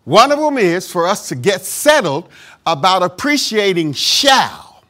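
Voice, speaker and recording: A man's voice: sits high, sing-song, a little slow, sharp tone. A man preaching a sermon as pastor, emphatic, with call-and-response asides and acted-out voices of doubters. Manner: acts out quoted voices of doubters.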